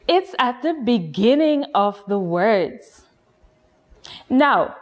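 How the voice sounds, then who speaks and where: A woman from Guyana teaching a nursery phonics lesson, speaking slowly and encouragingly to young children. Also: fairly high pitch. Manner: slow, lilting, encouraging teacher voice addressing children.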